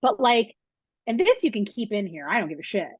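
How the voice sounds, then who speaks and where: A woman's voice: mid-range voice, sing-song, fairly quick, breathy edge, no echo. A young woman, a film school professor, talking candidly and animatedly in an interview, with casual swearing. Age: young adult. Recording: dull, dry recording.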